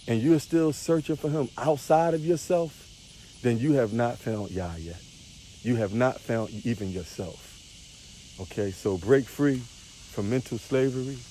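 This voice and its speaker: A man's voice: medium pitch, warm tone, a little hiss or hum. Man, spiritual teacher, livestream sermon, repetitive sing-song preaching, outdoors, faint crickets.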